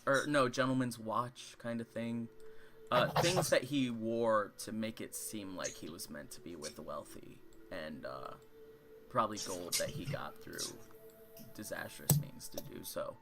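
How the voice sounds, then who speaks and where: A man narrating as game master of a tabletop game, improvising with frequent ums and pauses. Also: fairly low pitch, fairly bright tone, faint music behind.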